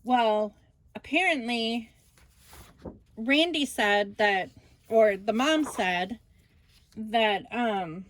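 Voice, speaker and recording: A woman's voice: on the high side, very slow, long pauses. An older woman and grandmother, hosting a scrapbooking channel, rambling through a family story in a casual vlog. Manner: rambling, animated retelling of a family argument.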